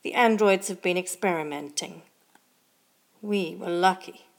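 A woman voicing a grave female starship captain who speaks quietly. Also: lowish voice, measured pace, creaky.

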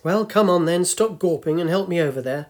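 A man's voice: high voice, fairly quick, darkish tone, voice pushed up, lightly acted. A man voicing a grumpy, wry old woman of ninety-two in a storybook reading, tart and teasing. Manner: tart, teasing, lecturing the young.

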